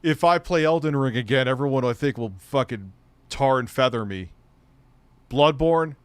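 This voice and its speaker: A man's voice: mid-range voice, fairly quick, smooth, dry recording. A middle-aged man hosting a casual commentary stream, rambling and swearing often. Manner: profane, rambling, laughs easily. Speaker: commentary host.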